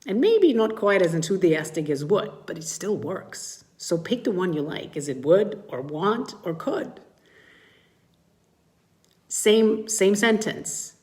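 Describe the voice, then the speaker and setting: A middle-aged woman coaching mothers in a live-streamed talk, speaking to viewers with animated swoops in her voice when she acts out feelings. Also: medium pitch, slow.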